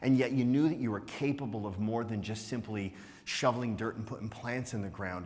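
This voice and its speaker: Male keynote speaker, mid-pitched, upbeat and playful with the crowd, heavy rhetorical questions, recorded in a big echoing hall. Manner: energetic, teasing, asks rhetorical questions with frequent "right?". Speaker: conference speaker. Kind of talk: motivational business talk to a live audience. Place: conference hall with an audience. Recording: long hall reverb.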